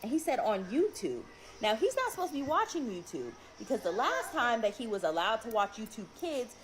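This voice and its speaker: A woman's voice: fairly high pitch, huge pitch swings, a little fast, slight background noise, poor audio. A mother telling a story to camera in casual speech, urgent and emphatic, acting out what her child said.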